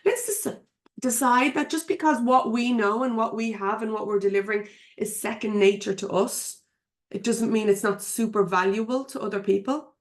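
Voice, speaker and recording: A woman's voice: a little high, moderate pace. An Irish woman giving a live coaching webinar from her computer at home, chatty and frank, laughing often and swearing casually. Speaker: business coach.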